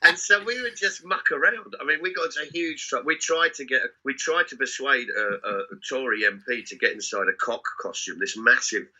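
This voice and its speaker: A man's voice: mid-range voice, fairly quick, hardly any pauses, husky. A middle-aged man, telling comic anecdotes as a guest and swearing freely. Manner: animated, swearing storyteller. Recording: dull lo-fi sound.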